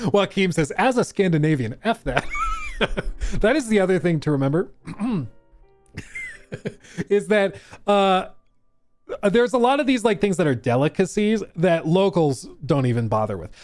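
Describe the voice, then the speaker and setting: A man from Colorado chats on a live stream, reading his chat aloud and riffing on their questions. His pitch swings widely and sits a little high. The sound is close and dry, with almost no room around it. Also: very animated, unhurried, pauses often, darkish tone, no room sound, faint music behind. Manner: chatty, reads chat aloud, explains and jokes.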